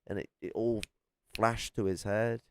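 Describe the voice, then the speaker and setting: A man's voice: fairly low pitch, fairly even intonation, a little slow, smooth. A man streaming casually, reacting to a clip, rambling with frequent restarts and swearing freely. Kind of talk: casual profane chat.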